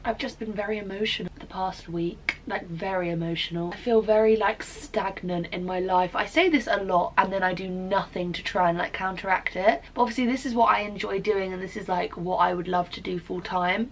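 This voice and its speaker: A woman's voice: mid-range voice, a little hiss or hum, rough recording. A young woman, ranting in a casual vlog, dramatic, sweary and self-mocking. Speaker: vlogger.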